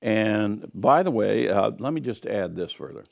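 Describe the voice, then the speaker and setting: A man's voice: lowish voice, animated, unhurried, vocal fry. A man giving an earnest teaching sermon on scripture, emphatic and repeating key phrases. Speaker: Bible teacher.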